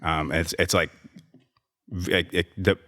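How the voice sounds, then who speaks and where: A man who coaches and owns a gym tells a long, rambling story as a podcast guest, restarting and adding sarcastic asides in casual interview talk. His low, bright voice is forceful with a level tone and a slow pace.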